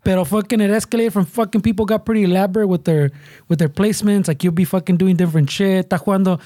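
A man's voice: high voice, fairly even intonation, quick pace, warm tone, dry recording. A man and parent, telling a story in a rambling, profane, casual way with lots of Spanish slang mixed in. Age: adult parent. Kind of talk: casual chat.

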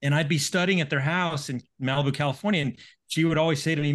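A man who is a guest on a podcast, telling a story in an animated, chatty way. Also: a little high, quick pace. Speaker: guest, neurosurgery professor. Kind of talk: storytelling in an interview.

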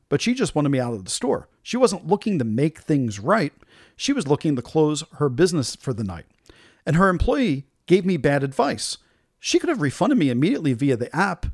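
A middle-aged man with a slightly higher voice hosts his own talk show, recounting a bad customer-service run-in. He tells it animatedly, with plenty of exasperation. The recording is close and dry, with almost no room sound. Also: a little fast, breathy edge, no room sound. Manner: animated, frustrated storytelling with acted-out quotes. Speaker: podcast host. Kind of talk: solo storytelling commentary.

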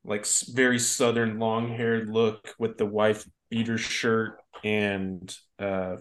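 Low-voiced man in easygoing chat. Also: little pitch movement, slow. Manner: easygoing, rambling, with restarts. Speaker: podcast co-host. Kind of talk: casual podcast chat.

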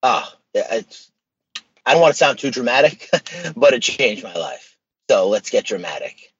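Husky-voiced man talking earnestly. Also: medium pitch, normal speed, no echo, lo-fi sound. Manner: earnest, animated storytelling with slang. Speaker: guest. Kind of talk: casual podcast conversation.

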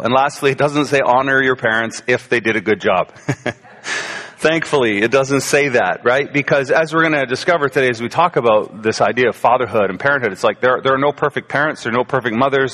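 A man's voice: medium pitch, fairly bright tone, long reverb tail. A man in his forties giving a conversational Father's Day sermon as a pastor, with frequent fillers and restarts. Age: 40s. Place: church sanctuary.

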